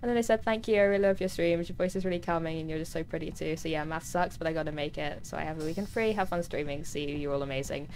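A woman's voice: steady tone, fast talker, hardly any pauses, a little mellow, soft background music. A woman streaming a game, chatting casually with her viewers and teammates. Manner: chatty, talks to chat, voice jumps high when touched. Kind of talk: casual gaming livestream chat.

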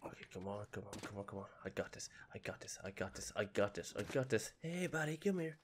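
A man's voice: on the low side, fairly even intonation, fast talker, slight background noise. A man giving casual, jokey let's-play commentary into a desk microphone at home, reacting to the game and dropping to whispers while sneaking. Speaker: gameplay commentator.

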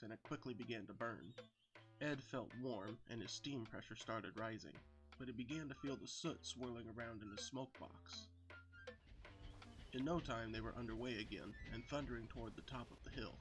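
A man narrates a children's storybook tale in an even, steady way. Music plays clearly behind him. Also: mid-range voice. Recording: with background music.

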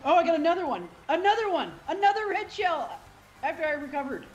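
A player in a casual group gaming stream, loud and swearing constantly, crying out at every setback. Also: very high-pitched, big pitch swings, fast talker, muffled recording. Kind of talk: casual live gaming chat.

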